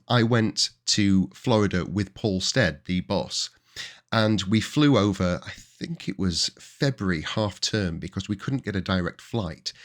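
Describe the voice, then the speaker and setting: A man in his forties with a Yorkshire accent, hosting his own podcast and telling chatty stories from his working life in a casual way. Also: on the low side. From Yorkshire, England. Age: 40s. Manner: chatty and anecdotal, with bursts of excited emphasis. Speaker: podcast host. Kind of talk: casual storytelling monologue.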